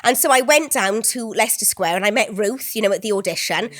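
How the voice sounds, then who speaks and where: A woman with a Swansea Welsh accent, telling lively stories as a guest in an interview and acting out what people said. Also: mid-range voice, quick pace. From Wales. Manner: animated storyteller, acts out quotes. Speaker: actress guest. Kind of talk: anecdotal interview chat.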